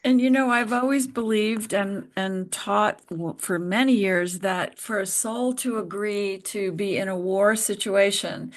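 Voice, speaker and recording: A woman host speaks in a reflective, affirming way as she responds to her guest. Her voice sits at a middle pitch for a woman. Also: measured pace, hardly any pauses. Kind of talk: interview chat.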